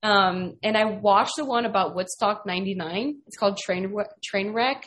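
Brief: a modest, laughing athlete guest, a mid-pitched woman's voice in easy chat. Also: normal speed, a bit bright, slight background noise. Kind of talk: casual interview chat.

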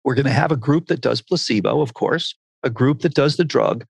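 Older male researcher, gravelly, dry close sound, animated storyteller voicing quotes. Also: medium pitch, fairly quick, no echo. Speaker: medical researcher guest. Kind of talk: storytelling interview answer.

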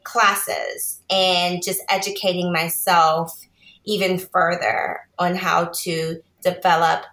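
A woman in her thirties, a small business owner appearing as a podcast guest, explains things at length in casual interview chat and laughs often. Her voice is fairly low and fairly bright, delivered flatly and slowly, with roomy echo in the recording.

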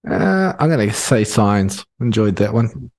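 A man's voice: lowish voice, very animated, a little slow, darkish tone, no room sound. Blunt, sweary man reviewing films. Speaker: podcast co-host. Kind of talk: casual film review chat.

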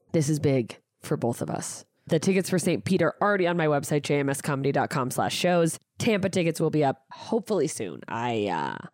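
Animated and fast with few pauses, this stand-up comedian hosts her own podcast in a low, slightly mellow voice. Recorded on a studio mic with no echo and studio quality, she rambles casually through plugs and tour dates, poking fun at herself and cursing freely.

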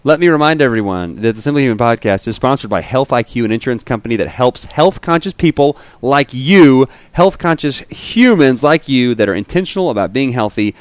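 A man's voice: mid-range voice, lively intonation, a little fast, few pauses, dry recording. A man hosting a podcast, reading a sponsor message and telling jokes in a loose, rambling way full of "like". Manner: loose, rambling, many "like" fillers. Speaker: podcast host. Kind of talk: casual chat, sponsor read.

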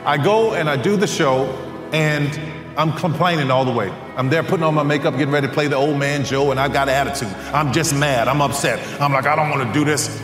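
A man's voice: fairly high pitch, fairly quick. A man giving an impassioned motivational speech, repeating phrases for emphasis. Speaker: motivational speaker. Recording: echoey hall with live audience and music.

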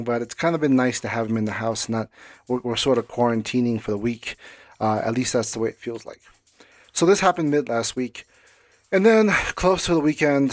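A man's voice: mid-range voice, no echo. A man in his thirties hosting his own podcast from home, talking casually and rambling with fillers and restarts while he has a cold and a cough. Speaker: podcast host. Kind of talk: casual solo podcast talk.

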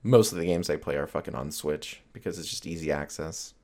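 Male podcast host, deep voice, rambling, foul-mouthed, jokey. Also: brisk, a little mellow. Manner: rambling, profane, joking. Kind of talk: casual solo podcast chat.

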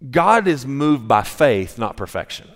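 Male pastor preaching to a congregation, mid pitch, chatty storyteller, reverberant sanctuary. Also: big pitch swings, unhurried. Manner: conversational storytelling, frequent restarts. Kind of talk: sermon. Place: church sanctuary. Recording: long reverb of a church hall.

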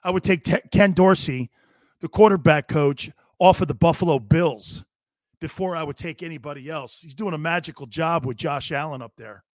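Man, sports talk host, blunt, sarcastic, profane, fairly high voice, dry close sound. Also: normal speed, no room sound. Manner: blunt, sarcastic, mocking coach-speak; swears casually. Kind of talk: live sports talk monologue.

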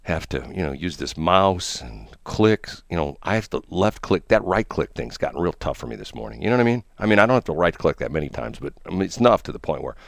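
Deep, gravelly morning radio host. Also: male voice, big pitch swings, no echo, studio quality. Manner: rambling, joking, halting repeats. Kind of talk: casual on-air banter. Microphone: studio mic.

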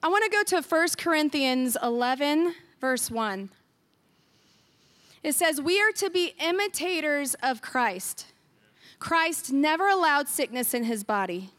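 A woman pastor delivers an earnest sermon in a church. Her voice sits high, and she leans on repeated phrases to drive each point home. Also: lively intonation, measured pace, fairly bright tone, no echo. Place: church sanctuary.

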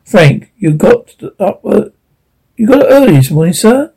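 A man's voice: sits high, very animated, normal speed, warm tone, breathy edge, pitched above the performer's own voice, exaggerated voice, rough recording. A man reading the part of a hesitant, polite young sidekick.

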